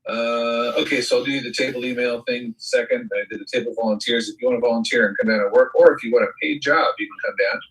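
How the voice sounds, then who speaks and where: A man's voice: mid-range voice, fairly even intonation, quick pace, few pauses, fairly bright tone. A middle-aged man co-hosting a chat show, telling rambling anecdotes and mimicking the people he quotes. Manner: rambling storyteller who mimics voices in quotes. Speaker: co-host. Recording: voice a bit far from the mic.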